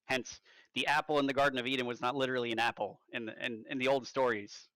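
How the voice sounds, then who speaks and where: A man's voice: medium pitch, steady tone, fast talker, bright, forceful tone, clear, resonant tone, no room sound, low-quality recording. A man playing a tabletop game, joking and wandering into nerdy tangents. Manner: rambling, jokey, prone to nerdy tangents. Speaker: player. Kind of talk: casual chat around a tabletop game.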